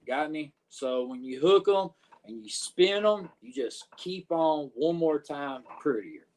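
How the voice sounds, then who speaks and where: Profane, rambling Southern wrestler. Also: male voice, fairly high pitch, expressive, a little slow, a little mellow. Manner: profane, rambling, frequent "uh" and "you know what I'm saying". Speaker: wrestler guest. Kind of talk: casual podcast storytelling.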